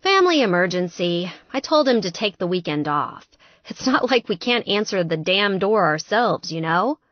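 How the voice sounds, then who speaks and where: A woman narrator voicing a bossy, exasperated woman friend who talks briskly and scolds in a raised voice. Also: mid-range voice, big pitch swings, no room sound, lo-fi sound, natural voice.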